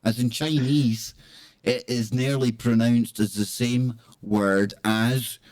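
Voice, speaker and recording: A man hosts a live talk show in a loose, joking way. He reads out bits and riffs on them with playful asides. His voice sits at an ordinary mid pitch. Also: steady tone, slow pace, darkish tone. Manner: jokey, playful, breaks into laughs and exclamations. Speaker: host. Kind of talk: casual live show chat.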